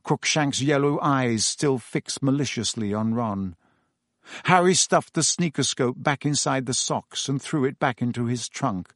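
A man reading a storybook aloud as narrator, telling it in a steady, measured way on a close mic. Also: mid-range voice, no echo. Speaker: audiobook narrator. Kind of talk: scripted narration.

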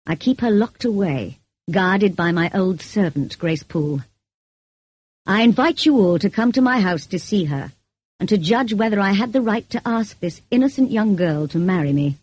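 A woman reading the lines of a brooding, commanding middle-aged gentleman in an audiobook, curt and bitter in manner. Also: lively intonation, normal speed, slightly rough, no echo. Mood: stern. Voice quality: deep, growling.

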